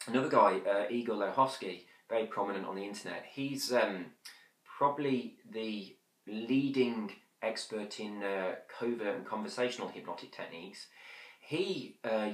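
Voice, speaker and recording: Brief: male instructor, lowish voice, fast and chatty, slight room echo. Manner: quick, chatty, frequent fillers; drops to slow whispery demonstrations. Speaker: hypnosis instructor. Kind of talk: conversational teaching. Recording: roomy echo.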